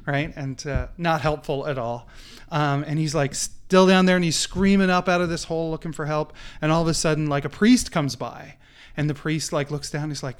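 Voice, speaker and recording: A man, a podcast guest, telling a story in an animated, casual way. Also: fairly high pitch, a little fast, clean tone. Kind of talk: casual conversation.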